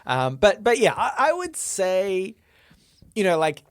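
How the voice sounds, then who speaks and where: Laid-back Australian man, higher voice. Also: wildly swooping pitch, takes it slowly, no room sound. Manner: laid-back, hesitant, many fillers. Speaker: podcast co-host. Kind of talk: casual podcast chat.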